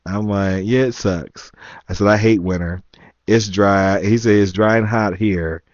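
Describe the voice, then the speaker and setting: A man's voice: lowish voice, fairly even intonation, measured pace, dry recording. A man from the United States casually telling a story to his viewers, amused and laughing as he reads messages aloud in a wry tone. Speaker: vlogger. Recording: slightly dull, lo-fi sound.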